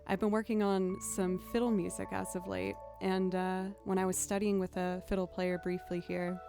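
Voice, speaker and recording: A woman's voice: fairly low pitch, level tone, normal speed. Chatty woman streamer, faint music behind. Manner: chatty, laughs often, thanks viewers. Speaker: livestream host and violinist. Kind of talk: casual livestream chat.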